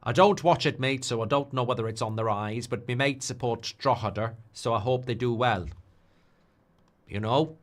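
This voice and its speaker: A man's voice: mid-range voice, normal speed. A man hosting a live football watchalong stream, chatting casually and reacting to viewer messages. He is opinionated and keeps tacking on tag questions, and he gets heated and ranty when he makes a point.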